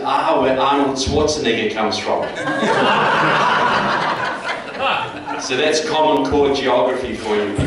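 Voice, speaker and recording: A man from New Zealand with a New Zealand accent, giving a folksy, direct speech to a local group, recorded in a meeting hall. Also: medium pitch. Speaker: guest speaker. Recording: echoey hall, mic far off.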